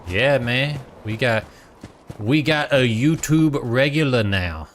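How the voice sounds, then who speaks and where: A man's voice: mid-range voice, animated, slow, fairly bright tone, a little hiss or hum. A man with a Boston accent streaming a game, chatting casually and thinking aloud. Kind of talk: casual gameplay commentary.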